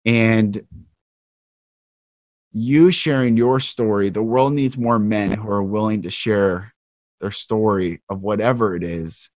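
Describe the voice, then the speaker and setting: A man's voice: fairly low pitch, steady tone, slow, darkish tone, no room sound, studio quality. A man hosting an interview podcast, talking in an earnest, emotional, heartfelt way. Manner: earnest, emotional, speaks passionately. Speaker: podcast host.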